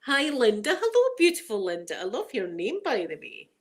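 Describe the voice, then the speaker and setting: A woman's voice: a little high, huge pitch swings, normal speed. A middle-aged Scottish woman chatting on a casual livestream, laughing often and greeting viewers by name. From Scotland. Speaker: ASMR livestream host. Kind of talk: casual live chat.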